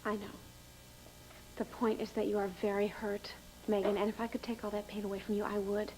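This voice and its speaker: An actress playing a patient older sister in a soap opera, calm and earnest. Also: female voice, mid-range voice, a little fast, slight background noise, close to an everyday voice, poor audio.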